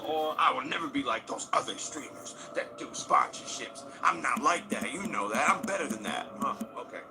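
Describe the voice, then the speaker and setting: A man's voice: medium pitch, background noise. A male streamer ranting to his stream, repeating his points emphatically. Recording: loud game music behind voice.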